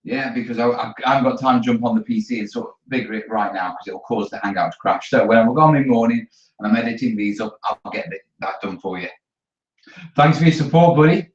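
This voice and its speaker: Casting: easygoing guy, livestream host, mid pitch, heard from a distance on a dull mic. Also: fast, reverberant. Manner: chatty, easygoing, talks to viewers while working. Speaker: terrain-building channel host. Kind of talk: casual chat during a live studio stream. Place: hobby workshop studio.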